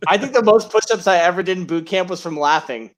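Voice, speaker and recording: Male podcast co-host, profane blunt banter, slightly high pitch. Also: fast talker. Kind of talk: casual banter.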